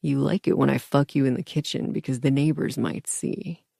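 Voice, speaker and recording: A woman voicing a commanding, dominant grown man in an audiobook romance, speaking in a low, domineering murmur. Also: steady tone, normal speed, vocal fry, dark tone, dry recording, clean studio sound, heavily acted.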